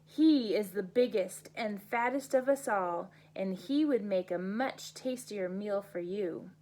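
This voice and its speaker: A woman's voice: mid-range voice, slow, warm tone, lightly acted, low-quality recording. A woman voicing a middle-sized male billy goat who speaks politely and steadily, hiding his fear.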